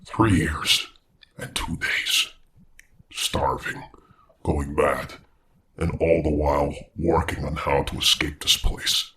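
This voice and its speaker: A man's voice: a bass voice, little pitch movement, unhurried, bright, forceful tone, exaggerated voice. A man voicing an erratic, vengeful male scientist in a horror audio story, using a put-on British accent. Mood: hushed. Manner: grave, erratic, swings to frantic outbursts.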